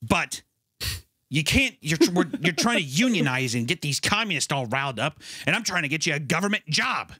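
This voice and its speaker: A man voicing a pushy male official insisting and persuading, a bit higher than his own voice. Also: big pitch swings, fairly quick, pushed and bright, slightly rough, no echo, studio quality, full character voice. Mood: insistent.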